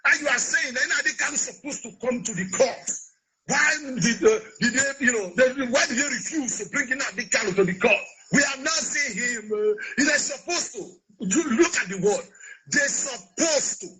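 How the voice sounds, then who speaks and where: A man's voice: very high-pitched, animated, fairly quick, sharp tone, slightly rough, low-quality recording. A man, ranting in a political vlog in a scolding, sarcastic, repetitive way. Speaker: political commentator.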